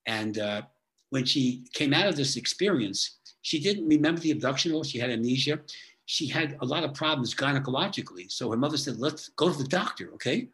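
A man's voice: medium pitch, expressive, fairly quick, sharp tone. A man, a guest on a podcast, telling his clients' case histories in a chatty way, often tagging sentences with "okay?". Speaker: guest, author and therapist. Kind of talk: storytelling in a podcast interview.

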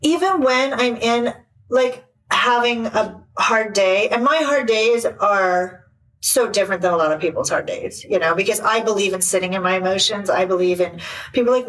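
A woman life coach chatting in an interview, animated and acting out little quoted voices. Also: mid-range voice, moderate pace, far from the mic, rough recording. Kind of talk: casual interview chat.

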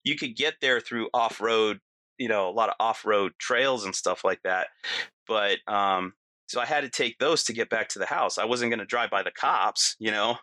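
Man telling a story, bright and dry. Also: fairly low pitch, moderate pace, no room sound. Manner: animated, acts out quotes, frequent "you know" and "right". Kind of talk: casual storytelling chat.

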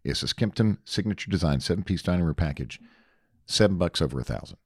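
Gravelly deep-voiced man radio host. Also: animated, fast, no room sound, studio quality. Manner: folksy, jokey, teasing. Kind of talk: casual chat and live ad read.

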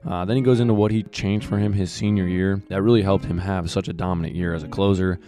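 A young man hosts a casual podcast with a hoarse, raspy voice, having lost it. He sits low in his range and keeps an upbeat, loose flow. Music plays clearly beneath him. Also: fairly even intonation, fast, dark tone. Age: young adult. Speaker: podcast host. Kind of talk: casual podcast intro and interview.

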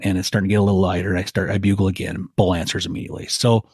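A middle-aged man, a guest, telling a hunting story in a folksy, animated way and acting out quotes. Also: sits low, racing, husky, dry recording, clean studio sound. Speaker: guest elk hunter.

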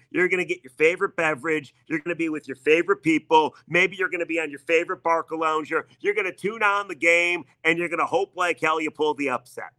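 A man's voice: a little high, bright, forceful tone, no room sound. A man hosting sports talk radio, delivering an emphatic, needling monologue that leans on repetition.

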